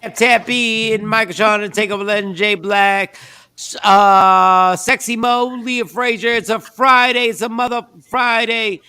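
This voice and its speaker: A man hosting a radio talk show, with loud, rowdy banter and lots of laughing and shouting. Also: sits high, little pitch movement, measured pace, clean tone, no echo.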